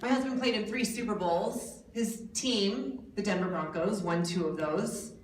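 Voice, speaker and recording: A woman's voice: mid-range voice, unhurried, far from the mic, slight background noise. Wisecracking woman speaking in an echoey hall. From United States. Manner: jokey, self-mocking storytelling. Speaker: guest speaker. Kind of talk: motivational keynote speech. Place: large hotel event hall.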